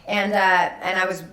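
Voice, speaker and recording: A woman's voice: mid-range voice, roomy sound, rough recording. A woman talking candidly as a podcast guest, telling personal stories animatedly and acting out the voices she quotes. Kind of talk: candid conversational storytelling.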